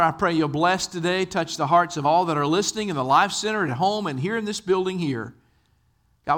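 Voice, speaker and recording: A pastor delivers a sermon in a high, bright voice. He tells anecdotes and acts out the quoted lines as he goes. His preaching moves between scripture reading and everyday stories. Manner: storytelling with acted-out quotes.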